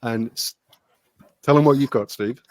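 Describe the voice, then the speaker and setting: A man's voice: mid-range voice, normal speed, a little mellow, no echo. Chill guy hosting a podcast, teasing banter, dry close sound. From not Australian, moved there as a backpacker. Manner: laid-back, teasing banter. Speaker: podcast host. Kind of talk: casual chat.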